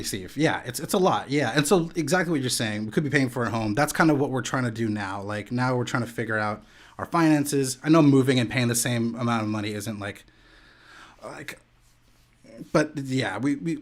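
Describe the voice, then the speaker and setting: A young man chatting casually on a home live stream, rambling and laid-back, with lots of "like" and "dude". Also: mid-range voice. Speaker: streamer and podcast host. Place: home room.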